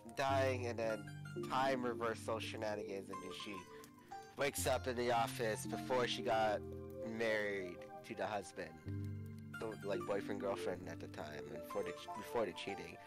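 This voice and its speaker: A man's voice: fairly low pitch, steady tone, moderate pace, poor audio. A young man hosting a podcast, chatting casually in a rambling way, swearing and laughing often. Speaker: podcast host. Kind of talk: casual chat. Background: music.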